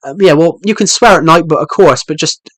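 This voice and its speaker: A man's voice: a little high, brisk, dry recording. Hyper young man streaming. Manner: hyper, jokey, rambling, answers chat messages. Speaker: live streamer. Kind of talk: casual live-stream chat while gaming.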